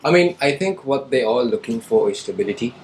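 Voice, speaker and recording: A man in his early twenties talks in a relaxed conversation. He speaks quickly and jumps in eagerly with short agreements and his own examples. His voice has a mid-range pitch. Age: 20s. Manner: quick back-and-forth, eager interjections. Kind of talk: casual conversation.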